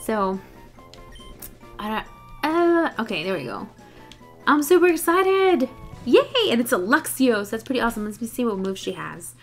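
Young woman, excitable let's play commentary, slightly high voice, game music underneath. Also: moderate pace, long pauses. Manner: excitable, chatty, laughs and groans at the game. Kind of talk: casual gameplay commentary.

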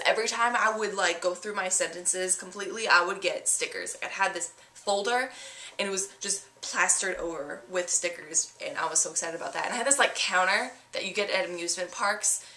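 A woman telling comic stories to camera in an animated, sarcastic way, in a roomy-sounding space. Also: mid-range voice, moderate pace. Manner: animated, sarcastic, with acted-out voices. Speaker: vlogger. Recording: roomy echo.

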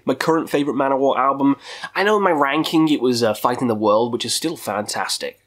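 A man's voice: medium pitch, brisk, fairly bright tone. A man hosting a casual video countdown, talking in a profane, goofy way with jokey asides. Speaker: metal music YouTuber.

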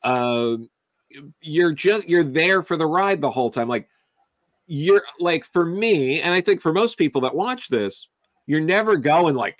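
A man's voice: fairly high pitch, lively intonation, a little slow, no room sound. A man on a film review panel, talking casually and rambling with many restarts and fillers.

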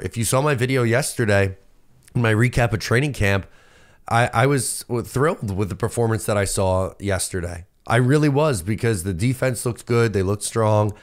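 A young man from Long Island, hosting a casual sports podcast and venting in a lively, self-interrupting way. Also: fairly low pitch. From Long Island, New York. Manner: animated, venting, self-interrupting with repeated words. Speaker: podcast host.

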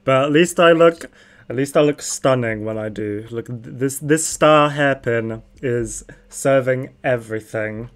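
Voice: medium pitch, measured pace. Giggly, teasing young streamer. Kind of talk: casual gaming chat.

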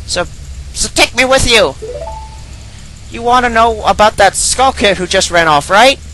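A man's voice: high-pitched, expressive, measured pace, pushed and bright, soft background music, voice pushed up, full character voice, rough recording. A man voicing an impatient, bossy young female fairy as he reads a video game's dialogue aloud. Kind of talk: reading game dialogue aloud.

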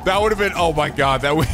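A man hosting a let's play, commenting with excitable, shouty, profane jokes. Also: fairly high pitch. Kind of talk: gaming commentary.

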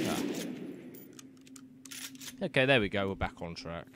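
Young man, let's-play commentary, lowish voice, very lively pitch, flustered and self-mocking, faint game sounds behind. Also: a little slow, long pauses, background noise. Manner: flustered, self-mocking, swears under his breath, sudden loud outbursts. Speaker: gaming commentator.

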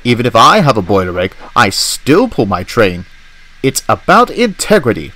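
A man voicing a proud, pompous male steam engine in a storybook reading, loud and indignant. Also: medium pitch, sing-song, moderate pace, rough recording.

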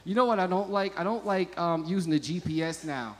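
A New comedian with a high, ringing voice works the crowd with loud, profane jokes. His voice carries the long echo of a live venue. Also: a little fast. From Montclair, New Jersey. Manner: loud, profane, joking banter with the audience. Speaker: stand-up comedian. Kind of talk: stand-up crowd work.

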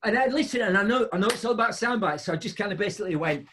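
A man's voice: very fast, few pauses. A man hosting a show, telling a funny story in a casual chat, laughing often. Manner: animated, laughing storyteller with big pitch jumps. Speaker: podcast host.

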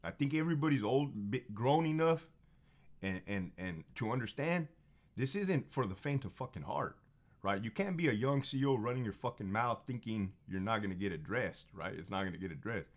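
A man's voice: fairly low pitch, expressive, moderate pace. A man in his thirties, a former prison officer, telling stories in a casual, profane, emphatic monologue that gets heated and confrontational. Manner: profane, emphatic, repeats phrases for effect.

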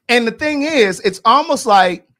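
A woman's voice: a little high, slow. A woman hosting a podcast, giving blunt, profane pop-culture commentary in a casual, emphatic way. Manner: blunt, outspoken, profane gossip; animated and emphatic. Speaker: podcast host.

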